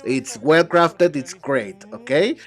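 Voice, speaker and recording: Lively sassy man dubbing bickering banter. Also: on the high side, slow, faint music behind. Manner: sassy, bickering, switching between several speakers. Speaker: translator dubbing a reality show. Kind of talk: solo English dub of reality-show banter.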